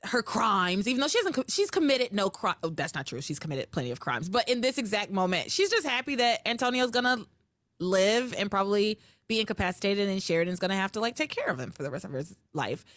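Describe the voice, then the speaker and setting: A woman's voice: mid-range voice, sing-song, fast, a bit bright, dry recording, studio quality. A woman co-hosting a podcast, recapping a soap opera in casual chat and acting out quoted lines in exaggerated voices. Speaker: podcast co-host.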